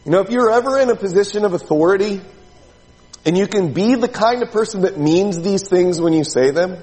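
A man's voice: sits high, animated, normal speed, a little mellow, long reverb tail, poor audio. A man preaching a sermon in a church, talking to the congregation in a conversational way and asking many rhetorical questions. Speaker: pastor.

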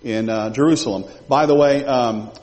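A male pastor preaching a sermon, animated and full of rhetorical questions to his congregation. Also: mid-range voice, normal speed. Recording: long reverb of a large hall.

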